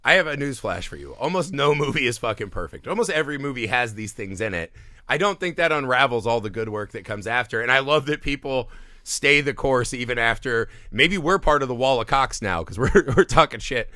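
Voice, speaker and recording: A man's voice: mid-range voice, lively intonation, fairly quick, bright, forceful tone, no echo, clean studio sound. A man co-hosting a movie podcast in casual, profane chat, acting out characters' lines as he goes. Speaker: podcast co-host.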